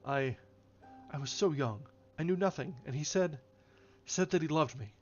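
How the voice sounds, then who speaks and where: A man voicing a young woman who pleads in anguish, with halting, broken phrasing. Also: on the high side, a little mellow, natural voice. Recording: slightly dull, faint music behind.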